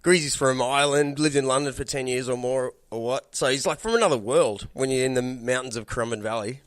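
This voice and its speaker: A man's voice: medium pitch, fairly quick, no room sound. A man hosting a podcast in casual chat. He talks a lot, swears casually and keeps checking in with his listeners.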